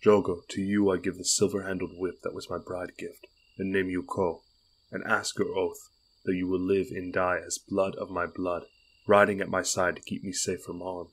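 In an audiobook, a man voices a resolute, commanding young queen, making measured, solemn declarations. His voice is low and husky with a level tone.

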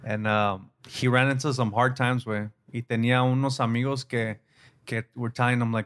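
Mid-pitch dude on a podcast, asks stuff, cusses, mixes spanish. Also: male voice, little pitch movement, a little fast, a bit bright, clear, resonant tone. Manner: profane, code-switches between English and Spanish; asks questions, keeps the conversation going. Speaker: podcast co-host. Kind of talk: casual chat.

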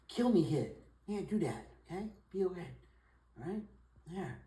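A woman talking softly to her cat at home, coaxing and soothing it with repeated reassurances. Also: fairly low pitch, expressive, normal speed, a little hiss or hum. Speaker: cat owner. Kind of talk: talking to a pet. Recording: roomy, from away from the mic.

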